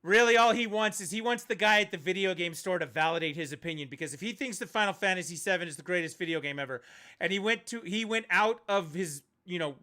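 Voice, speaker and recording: A man's voice: sits high, quick pace, bright, forceful tone. A man streaming a video game, chatting casually and ranting bluntly, with some profanity. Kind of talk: casual livestream chat while gaming.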